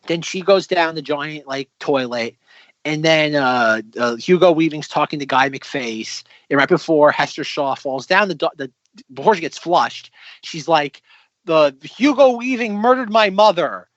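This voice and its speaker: A man's voice: a little high, unhurried, a bit bright, dry recording, lo-fi sound. A man co-hosting a film podcast, casually rambling through plot recaps with mock-quoted lines. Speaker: podcast co-host.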